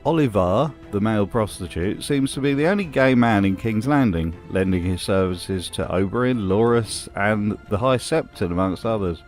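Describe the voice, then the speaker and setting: A man hosts a scripted commentary voice-over, wry and mocking in tone. His voice sits on the lower side. Faint music plays underneath. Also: animated, moderate pace, few pauses, darkish tone. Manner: sardonic, mocking. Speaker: host.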